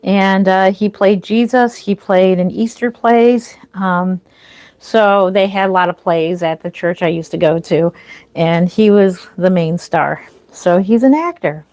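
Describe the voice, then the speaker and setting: A woman's voice: mid-range voice, measured pace, a little mellow. A middle-aged woman chatting casually on a livestream from her home, rambling with restarts and small laughs. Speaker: reborn doll artist hosting a livestream. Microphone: phone or camera mic, walks away at times.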